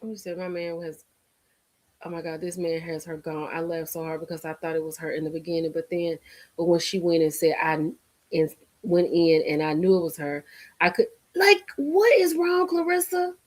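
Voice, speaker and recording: A woman hosting a casual live stream, reacting to viewer comments in an animated way. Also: deep voice, moderate pace. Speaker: livestream host.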